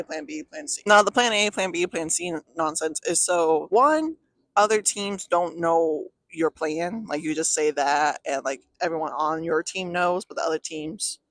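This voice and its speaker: A woman's voice: on the low side, no room sound. A young woman reviewing a movie in a casual rant, sarcastic and profane, often breaking into laughter. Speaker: film reviewer.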